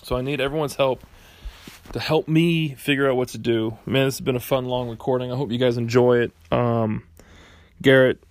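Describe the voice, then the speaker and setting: A man's voice: mid-range voice, fairly even intonation, normal speed. Rambling, nervous man. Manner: rambling, filler-heavy, anxious and playful. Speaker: podcast co-host leaving a voicemail. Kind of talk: rambling voicemail monologue.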